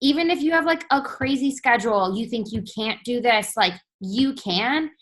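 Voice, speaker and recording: A woman in her twenties speaking earnestly in a motivational team talk, soft and encouraging. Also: on the high side, normal speed. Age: 20s.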